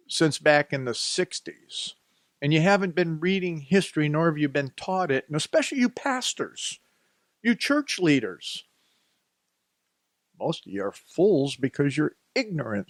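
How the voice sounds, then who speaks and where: A man's voice: on the high side, no room sound, clean studio sound. A man with a Northeast Ohio accent hosting a talk radio show, ranting in a sarcastic, scolding monologue.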